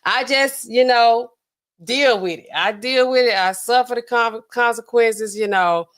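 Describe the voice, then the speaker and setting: A woman hosting a show in casual, rambling commentary, talking in an animated, colloquial way and laughing often. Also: fairly high pitch, measured pace. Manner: swings often between loud and quiet.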